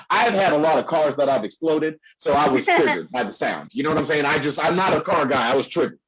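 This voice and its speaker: A man's voice: fairly high pitch, expressive, fast, few pauses, breathy edge, poor audio. A man performing a stand-up comedy set on a club stage, rambling with lots of fillers and laughing at his own jokes. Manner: rambling, filler-heavy delivery.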